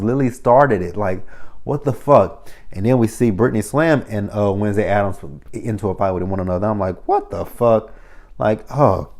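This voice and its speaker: A man recapping a reality TV episode in a casual monologue, blunt and profane. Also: lowish voice. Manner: blunt, profane, animated storytelling.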